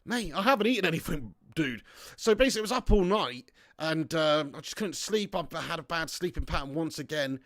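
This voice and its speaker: Chatty guy hosting a football watch-along, jokey rambling banter, slightly high voice, dry sound. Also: animated, fairly quick, fairly bright tone, no room sound. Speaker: livestream host reading viewer chat.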